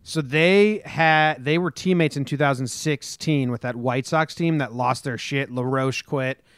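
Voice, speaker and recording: A man's voice: medium pitch, measured pace, fairly bright tone, clean tone, no echo. A man from New Jersey hosting a casual sports talk podcast, telling stories in a rambling way and swearing freely. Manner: rambling storyteller, swears, acts out quotes. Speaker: podcast host.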